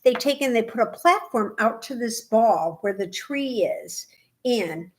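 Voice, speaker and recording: An older woman co-hosting a craft podcast, telling stories in a lively, chatty way and acting out other people's voices. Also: fairly high pitch, a little slow. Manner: animated storyteller, acts out voices. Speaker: podcast co-host. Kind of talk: casual chat.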